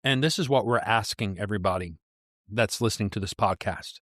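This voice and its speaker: A man's voice: on the low side, fairly quick, a bit bright, no room sound, studio quality. A man co-hosting a Christian podcast, talking earnestly and reading scripture in a preacherly way. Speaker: podcast co-host. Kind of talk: casual Christian podcast discussion.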